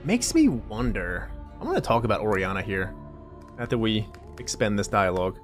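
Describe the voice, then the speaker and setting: A man's voice: fairly low pitch, very animated, normal speed, soft background music. A man giving casual, joking gameplay commentary and rambling as he plays. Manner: joking, rambling, laughs often. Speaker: let's play host.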